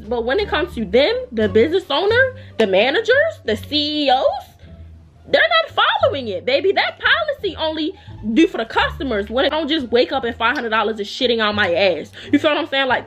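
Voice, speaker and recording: A young woman vlogger telling a storytime in a heated, profane, animated rant. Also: fairly high pitch.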